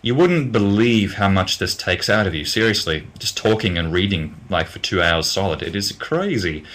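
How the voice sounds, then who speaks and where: Young Australian male, very low and bright-edged, hesitant, blunt, casual and tired. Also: lively intonation. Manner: hesitant and halting, many ums and restarts, then blunt. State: getting tired. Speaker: music producer. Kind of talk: casual livestream Q&A, reading out viewer questions.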